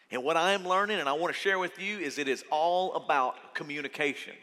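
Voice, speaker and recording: A man preaching a sermon as pastor, earnest and conversational, going from soft to loud. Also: mid-range voice. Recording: long reverb of a church hall.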